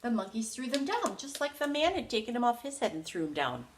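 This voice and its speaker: A woman teacher reading a storybook aloud to young children, slow and playful with lots of expression. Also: a little high, big pitch swings, slight background noise. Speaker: preschool teacher.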